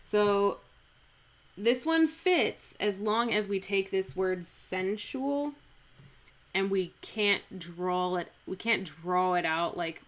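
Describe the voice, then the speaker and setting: A woman's voice: medium pitch, slow, a bit bright. A woman streaming live, thinking aloud as she scans a Shakespeare speech, chatty and self-correcting, repeating lines to test their stress. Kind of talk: thinking aloud while scanning verse. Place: home streaming setup.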